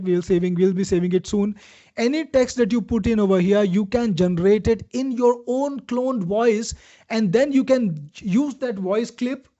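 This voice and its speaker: A man's voice: sits high, mellow. A man with an Indian accent hosting a live webinar product demo, chatty and salesy, answering viewers by name. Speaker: webinar host demoing software. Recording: dull lo-fi webinar audio.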